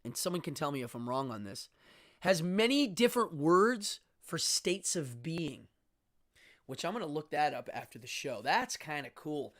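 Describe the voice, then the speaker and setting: Male host, magician type; theatrical, lively pitch, loose livestream chat. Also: moderate pace. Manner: dramatic and animated, stumbling restarts. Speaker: magician and occultist hosting a live show. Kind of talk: casual livestream monologue.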